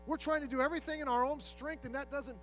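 A man with a high voice delivers a sermon in a relaxed, conversational way and slips into the voices of the people he quotes. Soft music plays under him, and a mains hum sits in the background. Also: fast, low-quality recording. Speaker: pastor.

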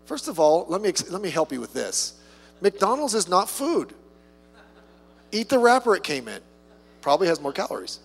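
Male preacher, high and very animated, talks to the room with quick asides; reverberant hall. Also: gravelly, husky, faint music behind. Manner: conversational, with rhetorical questions and humorous asides. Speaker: pastor. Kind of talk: sermon.

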